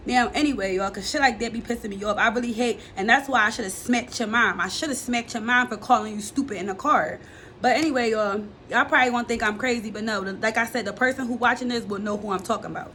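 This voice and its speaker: A young woman recounts her story directly to her viewers, blunt and unfiltered, swearing freely. Her voice sits a little high and sounds bright and forceful. There is a faint hiss behind her. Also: brisk. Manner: blunt and profane, talking straight to viewers. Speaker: vlogger telling her life story. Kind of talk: candid confessional storytelling to camera.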